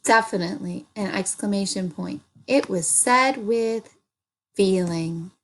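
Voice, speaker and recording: A woman teaching an early reading lesson, speaking slowly and sounding out words for young children. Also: medium pitch.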